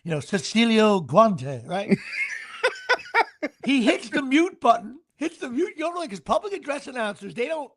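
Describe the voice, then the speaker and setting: A man co-hosting a sports talk show, telling animated stories and doing announcer impressions. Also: very high voice, normal speed, vocal fry, pauses often. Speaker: podcast co-host. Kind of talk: casual sports chat.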